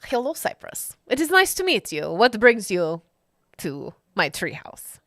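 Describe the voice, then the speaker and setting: A woman voicing a wary young boy who leads a gang of kids, bargaining calmly like a smooth villain. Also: fairly low pitch, a little fast, no room sound, clean studio sound. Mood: cool.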